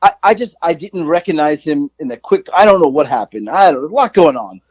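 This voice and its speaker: Man, forties, podcast co-host, rambling, profane, self-mocking, slightly high voice, dry close sound. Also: animated, a little fast, breathy edge, dry recording, poor audio. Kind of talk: casual storytelling.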